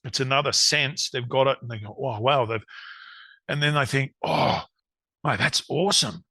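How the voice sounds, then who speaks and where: A man's voice: mid-range voice, moderate pace, bright, forceful tone, dry recording. An Australian man, a guest on a hunting podcast, chatting casually and acting out what people said to him. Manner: rambling storyteller, acts out quotes.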